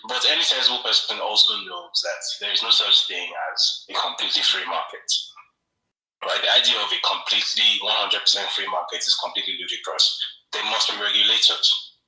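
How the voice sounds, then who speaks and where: A man's voice: on the low side, a little fast, bright, forceful tone. A man, a guest journalist, explaining his views thoughtfully with hedges and frequent checks like "right?". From Nigeria. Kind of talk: conversational explanation. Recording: echoey, distant online call audio.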